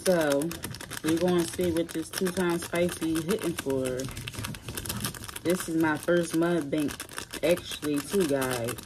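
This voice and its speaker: A woman hosting a casual mukbang food challenge vlog, a little hoarse from a cold, chatting straight to her viewers. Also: low-pitched, fairly even intonation, slow, background noise. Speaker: mukbang vlogger.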